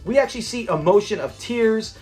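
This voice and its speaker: A man's voice: high-pitched, animated, fairly quick, darkish tone, soft background music. A man hosting his own channel, chatting casually and enthusiastically about a classic sitcom in a rambling way. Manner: enthusiastic and rambling, with frequent restarts and quoted lines. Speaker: channel host.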